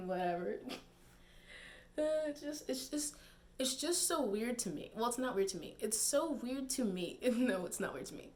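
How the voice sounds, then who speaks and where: A woman's voice: a little high, expressive, moderate pace, darkish tone. A young woman giving casual, digressive commentary to camera, laughing and using many fillers. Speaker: YouTube commentator.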